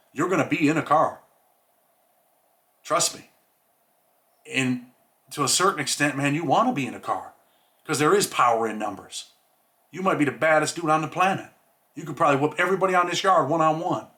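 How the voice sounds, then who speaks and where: A man's voice: mid-range voice, sharp tone. A man hosting a casual monologue, talking in streetwise slang and saying "man" often. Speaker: host.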